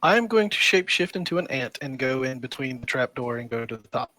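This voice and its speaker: A man playing a tabletop game, speaking calmly and matter-of-factly as he plans his moves. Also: mid-range voice, a little fast. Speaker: player.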